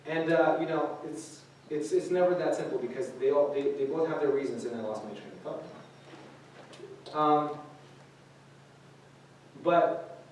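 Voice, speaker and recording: This youth speaker has a somewhat high, darkish voice and talks a little slowly, pausing often. His informal sermon is casual, with plenty of fillers and restarts, captured from afar in an echoey room with slight hiss or hum.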